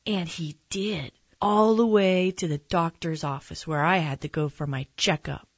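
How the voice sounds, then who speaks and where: A woman reading a children's picture book aloud in a gentle, expressive storytelling manner. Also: lowish voice, measured pace, husky, dry recording, muffled recording. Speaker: narrator.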